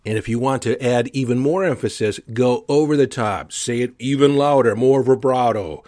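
A man's voice: medium pitch, normal speed, hardly any pauses, darkish tone, no room sound, studio quality. A man hosting a motivational podcast, talking earnestly and with emphasis as he coaches listeners. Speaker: podcast host. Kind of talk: motivational solo talk.

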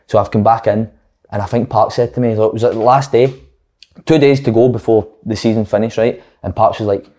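Fast-talking Scottish man telling stories. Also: medium pitch, steady tone, warm tone. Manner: swearing, story-telling with quoted dialogue. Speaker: footballer guest. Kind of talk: casual chat podcast.

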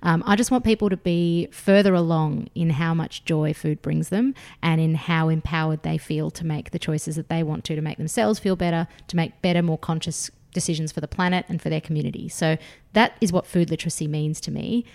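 A woman's voice: deep voice, fairly even intonation, a little fast, hardly any pauses, darkish tone. An Australian woman in her thirties, a food author chatting enthusiastically as a podcast guest, with plenty of fillers. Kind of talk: casual podcast interview.

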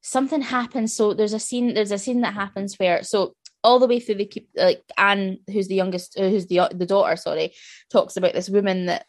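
A woman's voice: mid-range voice, a little fast, no echo. A woman co-hosting a casual podcast, rambling through a film scene and acting out its lines as she goes. Her voice is recorded close and dry, with no room sound at all. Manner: rambling, animated retelling with acted-out quotes. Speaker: podcast co-host. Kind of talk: casual chat.

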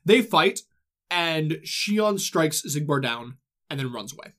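A man hosting a casual podcast, walking friends through a game's story in a quick, loose retelling. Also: a little high, animated, fairly bright tone. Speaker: host. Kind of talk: casual chat, recapping a game story.

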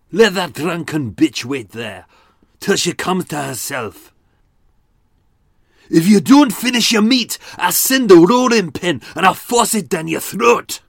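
A man's voice: on the high side, fairly bright tone, dry recording, voice pushed up, heavily acted. A man voicing a violent, angry older Scottish husband in a harsh, guttural attempted Glaswegian accent. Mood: shouting. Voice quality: gruff, guttural.

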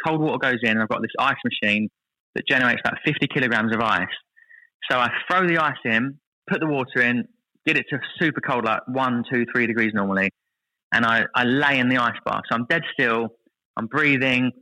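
A man in his thirties telling lively stories as a podcast guest, acting out what others said. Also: medium pitch, fairly quick, poor audio. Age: 30s. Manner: lively anecdotal storytelling, voices others in quotes. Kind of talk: casual podcast chat.

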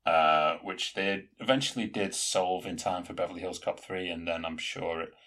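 A man co-hosting a podcast, chatting casually in an animated, rambling way with plenty of fillers. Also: sits low, moderate pace. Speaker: podcast co-host. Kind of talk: casual chat.

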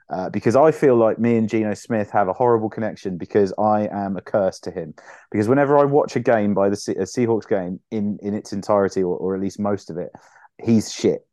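A man's voice: lowish voice, mellow, no room sound, studio quality. A man, co-hosting a casual sports podcast, rambling with frequent restarts and swearing. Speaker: podcast co-host.

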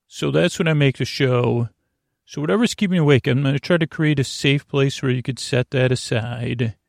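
On a sleep podcast, a man speaks in a creaky, medium-pitched voice at normal speed, wandering off on tangents in a meandering bedtime ramble. The studio sound is clean with no echo.

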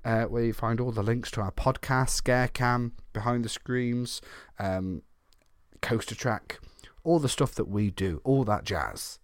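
A man speaking in a self-described monotone voice as a guest on a casual theme park podcast. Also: mid-range voice, unhurried, clean tone, no room sound, studio quality. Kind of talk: casual chat.

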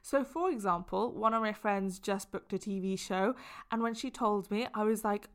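A woman hosting her own solo podcast, talking in a gushing, effusive way and telling stories with big animated reactions. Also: medium pitch, normal speed, clean tone. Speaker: podcast host.

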